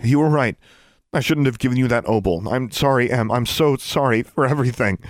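A man voicing a prickly young witch student who is defensive and sharp-tongued, in a raised voice. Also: on the low side, wildly swooping pitch, normal speed, dry recording, clean studio sound, heavily acted. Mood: remorseful.

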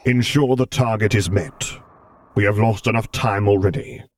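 A man voicing a cold, commanding masked dark lord who gives slow, clipped orders in a low rumble. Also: close to an everyday voice.

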